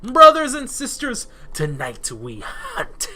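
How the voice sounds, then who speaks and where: A man's voice: very high voice, wildly swooping pitch, takes it slowly, sharp tone, pitched above the performer's own voice, full character voice. A man voicing a sinister female elf hunter leader in a video game. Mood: rallying.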